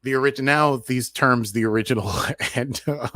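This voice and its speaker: A man's voice: medium pitch, moderate pace, few pauses, fairly bright tone. A man co-hosting a podcast in casual chat, rambling and jokey. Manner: chatty, rambling, jokey asides. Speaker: podcast co-host.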